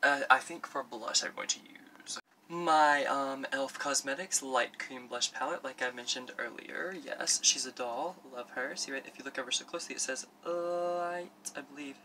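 A young man chatters through a home makeup tutorial in a very bright, tense voice that sits mid-range in pitch. He rambles, stacks up fillers and talks campily to himself between steps. A faint hiss runs under the recording. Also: normal speed. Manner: rambling, filler-heavy, camp self-talk. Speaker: makeup vlogger. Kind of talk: parody beauty tutorial chat. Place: at home doing his makeup.

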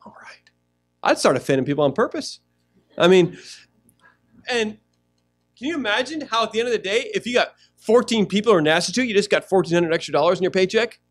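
A man pastor preaching a sermon in a church, animated, acting out little scenes as he goes. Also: high voice. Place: church sanctuary.

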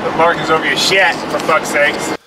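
A man rants bluntly, swearing freely as he tells his story. His voice sits fairly high for a man. Loud vehicle and traffic noise runs under the recording. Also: little pitch movement, moderate pace. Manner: profane, blunt, heated storytelling. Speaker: vlogger. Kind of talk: casual ranting monologue. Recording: noisy, with vehicle and traffic sounds.

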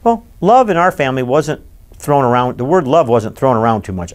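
A man in his sixties from Michigan, recalling his childhood in an oral history interview with animated, emphatic storytelling. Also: medium pitch, moderate pace. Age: 60s.

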